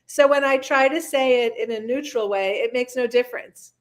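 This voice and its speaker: A woman's voice: on the high side, moderate pace. A middle-aged woman hosting a casual parenting chat, candid and self-mocking about her own habits. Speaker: host.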